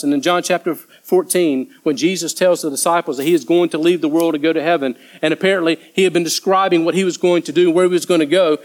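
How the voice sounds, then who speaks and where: A man's voice: high voice, poor audio. A man preaching a sermon in a conversational way, now and then acting out the voices of people in the story. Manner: conversational, acts out disciples' voices. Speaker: pastor.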